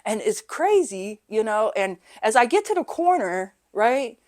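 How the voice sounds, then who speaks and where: A woman's voice: fairly high pitch, very animated, a little slow. A woman guest on a podcast, telling her life story in a rambling, candid way, often asking "right?" and swearing casually. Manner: rambling and candid, with frequent "right?" and "you know"; often drops to a quiet voice when reliving hard moments.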